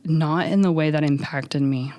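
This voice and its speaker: Animated woman telling her story, dry sound. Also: deep voice, normal speed, no echo. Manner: animated, many fillers, acts out others' lines. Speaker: podcast guest. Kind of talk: storytelling in a conversational interview.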